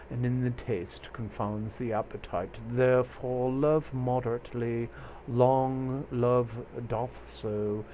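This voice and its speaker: A man's voice: medium pitch, muffled recording, a little hiss or hum, close to an everyday voice. A man doing a grave old friar, mock-British. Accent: attempted British. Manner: slow, soft, measured verse reading.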